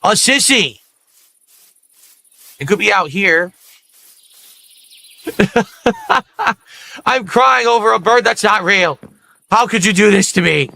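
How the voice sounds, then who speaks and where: A man's voice: sits high, slow pace, vocal fry, long pauses, sharp tone, no room sound. A man livestreaming, upset and complaining to his viewers. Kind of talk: livestream talk.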